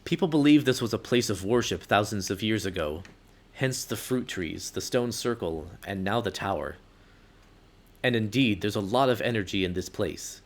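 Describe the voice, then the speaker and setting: A man voicing a calm, grave male forest guardian in a story game, speaking slowly and solemnly. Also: on the low side.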